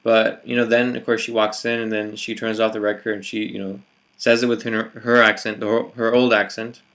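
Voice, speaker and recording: A man talks through his thoughts in a relaxed vlog, his voice sitting a little low. He hesitates often and restarts his sentences, filling the gaps with "you know" and "let's say". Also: normal speed. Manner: hesitant, many fillers and restarts. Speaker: vlogger. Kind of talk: reflective casual monologue.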